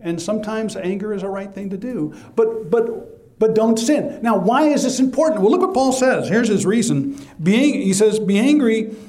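A man's voice: sits high, animated, moderate pace, warm tone. A man preaching a sermon as pastor, emphatic and conversational, asking rhetorical questions and answering them himself.

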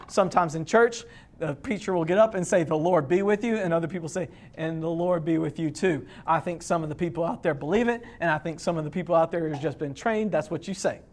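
A man preaching a conversational sermon, asking the congregation questions as he goes. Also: sits high. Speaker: pastor.

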